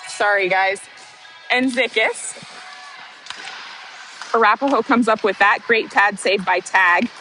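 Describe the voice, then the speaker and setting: A woman calling play-by-play for a youth hockey game, excitable and openly rooting for her team. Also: mid-range voice, moderate pace, hardly any pauses, soft background music, rough recording. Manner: excitable, partisan, apologizes for getting worked up. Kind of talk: amateur youth hockey commentary.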